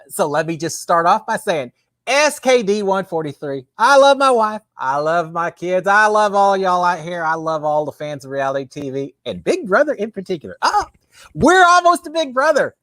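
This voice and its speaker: Man, Texan accent, casual live-stream host, folksy, lively pitch, dry room. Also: no room sound. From Texas. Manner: folksy, chatty, reads viewer comments aloud. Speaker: livestream host. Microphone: webcam with green screen.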